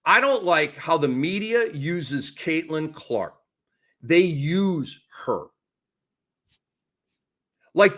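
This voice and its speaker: Excitable high-pitched male sports host. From lives in the Tampa Bay area. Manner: excitable, ranting, quick shifts in volume. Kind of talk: animated solo sports commentary.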